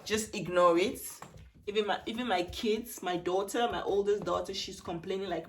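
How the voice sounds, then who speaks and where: A woman in her thirties chatting excitedly and rambling in a casual try-on haul vlog at home. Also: medium pitch, moderate pace, heavy background noise. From Netherlands. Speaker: beauty vlogger. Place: home room. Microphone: camera set down, handheld mic removed.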